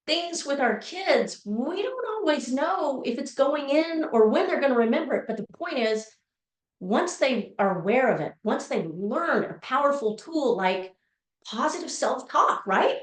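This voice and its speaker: Expressive woman telling a story, roomy sound. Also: high voice, unhurried. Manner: expressive, acts out quoted voices. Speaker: motivational speaker. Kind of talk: personal storytelling talk. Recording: roomy echo.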